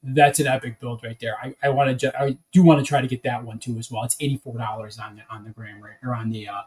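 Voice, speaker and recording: A man's voice: mid-range voice, level tone, fast, darkish tone, rough recording. A man chatting casually on a livestream as he builds a brick set, rambling and restarting his sentences.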